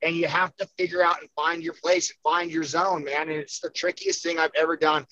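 A man's voice: high-pitched, fairly bright tone, no echo, highs cut off. A man talking as a podcast guest, emphatic and full of cursing, getting fired up as he speaks. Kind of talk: casual podcast chat.

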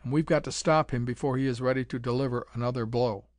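A man reading an audiobook, voicing a bold young male adventurer in a firm, steady way close to his own voice. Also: mid-range voice, fast talker, no room sound, close to an everyday voice.

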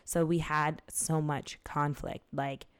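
A young woman co-hosting a podcast speaks slowly in a deep, level, clean-toned voice. She chats candidly and casually, swearing and acting out quotes as she tells a story.

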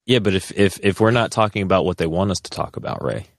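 A man co-hosting a podcast, talking in a casual, rambling, animated way with frequent restarts. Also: low-pitched, quick pace, no room sound, clean studio sound. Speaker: podcast co-host.

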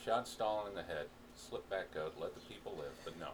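A man's voice: low-pitched, fairly quick. A man hosting a crude, casual talk show, profane and brash. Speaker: podcast host. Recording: distant mic, faint noise.

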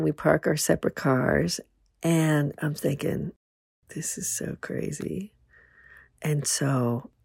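A woman podcast host with a gravelly, slightly low voice, telling frank and bawdy stories at an unhurried pace. The sound is close and dry. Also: a little mellow, no room sound. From New Jersey. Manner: frank, bawdy storytelling with laughs. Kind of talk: casual storytelling.

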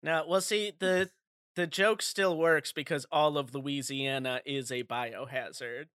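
A man's voice: on the high side, fairly even intonation, unhurried, fairly bright tone, clear, resonant tone, no echo, studio quality. A man co-hosting a casual comedy podcast, tossing in wisecracks. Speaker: podcast co-host.

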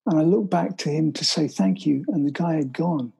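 Middle-aged man, interview guest; husky, gravelly voice, stops and restarts mid-sentence. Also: a little high, mellow, poor audio. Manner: halting, restarts sentences, vivid storytelling. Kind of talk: storytelling in conversation.

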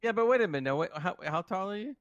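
A man's voice: sits high, lively intonation, very fast, dull audio. A man co-hosting a podcast, joking and bantering with his friends. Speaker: podcast co-host. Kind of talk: casual chat.

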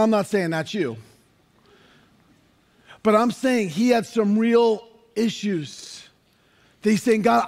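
A man preaches with a high, ringing voice, his words trailing off into the long echo of a large hall. He is fervent, rising often to shouted emphasis. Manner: impassioned, building to shouts. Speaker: pastor. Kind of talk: sermon.

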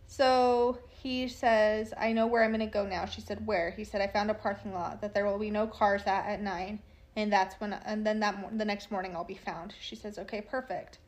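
A woman's voice: mid-range voice, steady tone, normal speed. A woman telling a true crime story by reading text messages aloud, in a plain, matter-of-fact way with casual asides.

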